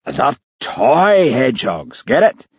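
A man voicing a brash, crude male TV producer who talks loudly and crossly. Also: mid-range voice, sing-song, slow, breathy edge, no echo, dull audio, pitched above the performer's own voice, exaggerated voice. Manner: loud, pushy and cross.

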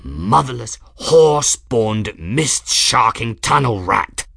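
A man voicing a gruff, foul-mouthed middle-aged ship engineer in an audiobook, snarling and growling. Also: sits low, expressive, unhurried, pushed and bright, no echo, studio quality, full character voice. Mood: cursing.

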